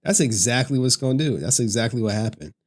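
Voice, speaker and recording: A man's voice: mid-range voice, lively intonation, quick pace. Slangy man ranting on stream. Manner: slangy, crude, laughs often. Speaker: streamer commentator. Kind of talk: casual livestream rant.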